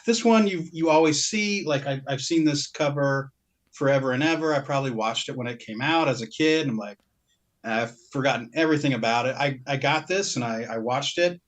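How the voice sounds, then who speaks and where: A medium-pitched man speaking fairly quickly co-hosts a podcast, chatting loosely about his purchases. He rambles, breaks off partway through sentences, and laughs frequently.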